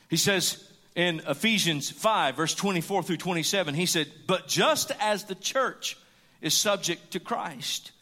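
A man's voice: a little high, bright, forceful tone. A man preaching a sermon with emphasis, repeating his key lines for weight. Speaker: pastor. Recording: hall reverb.

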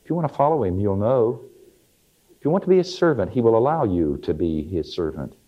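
A man's voice: lowish voice, expressive, brisk. Emphatic preacher man, dull old tape. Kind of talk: sermon. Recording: dull archival sermon tape.

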